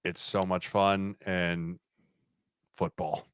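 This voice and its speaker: A man in his thirties, a podcast guest chatting casually about football, who acts out quotes in lively stories and laughs often. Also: sits low, slow, clean tone, no echo, studio quality. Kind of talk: casual sports chat.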